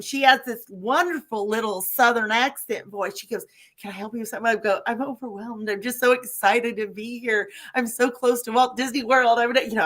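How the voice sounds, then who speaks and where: A slightly high-voiced woman hosts a casual live chat. She tells her stories in a chatty, animated way. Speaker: livestream host.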